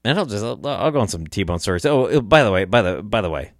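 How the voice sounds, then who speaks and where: A man's voice: lowish voice, sing-song, quick pace, no room sound, clean studio sound. A man hosting a podcast, telling a story casually in a rambling, chuckling way, with restarts and swearing. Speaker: podcast host.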